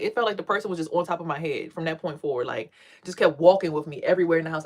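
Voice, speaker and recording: Animated, cussing woman telling a story. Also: racing. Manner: animated, profane, acts out quotes in a high voice. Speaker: vlogger and tarot reader. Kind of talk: casual storytelling vlog.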